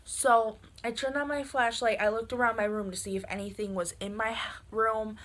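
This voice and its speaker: A young woman telling a personal story in a casual, animated way, with lots of "like" fillers. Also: a little high, normal speed, slight background noise. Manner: animated, filler-heavy with frequent "like".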